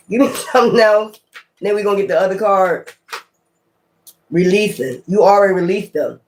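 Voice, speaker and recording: A man giving a casual tarot reading to his viewers, blunt and profane, talking in an animated way. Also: sits high, slight background noise. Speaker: tarot reader.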